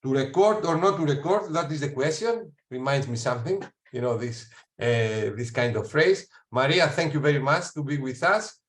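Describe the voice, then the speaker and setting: A man hosting an online seminar, introducing the speaker in halting phrasing over a video call. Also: medium pitch, roomy sound. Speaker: seminar host.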